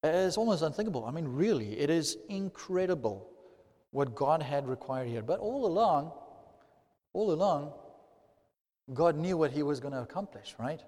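A man preaching a sermon, animated and swelling loudly to stress key points, recorded in a large hall. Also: fairly high pitch, moderate pace. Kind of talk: sermon teaching. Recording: long hall reverb.

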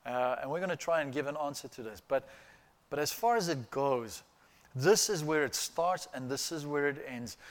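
A male pastor preaching a sermon in a slightly high voice. He talks in an easy, conversational way, often checks in with his listeners, and repeats key words for emphasis. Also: normal speed.

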